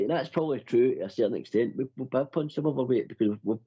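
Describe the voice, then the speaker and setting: A fast-talking man with a medium, slightly rough voice runs a casual football fan phone-in, calling his co-host "mate" over and over. The recording is dull and lo-fi.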